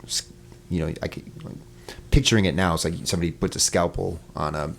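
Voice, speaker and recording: Low gravelly man telling a story. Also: fast talker, slight background noise. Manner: relaxed, many fillers, acts out quoted voices. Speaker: podcast guest. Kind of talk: casual storytelling in interview.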